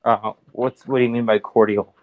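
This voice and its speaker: A man's voice: medium pitch, little pitch movement, normal speed, no echo, phone-quality sound. An American man chatting casually, telling stories and teasing, often swearing. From United States. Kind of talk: casual chat.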